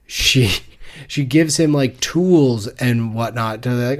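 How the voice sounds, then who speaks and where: A man's voice: medium pitch, takes it slowly. A man co-hosting a casual book-club podcast, talking in a wry, easygoing way. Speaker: podcast co-host.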